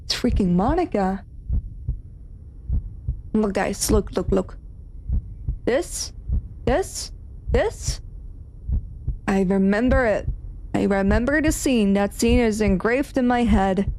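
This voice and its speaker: A woman streamer giving excited commentary on a game, repeating herself as she points things out. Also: medium pitch, a little slow, pauses often, slight background noise.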